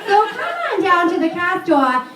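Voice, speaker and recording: A woman voicing a chirpy woman car dealer in a local TV ad, with a nasal, upbeat sales pitch. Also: sing-song, normal speed, roomy sound, recorded from a distance, background noise. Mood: peppy.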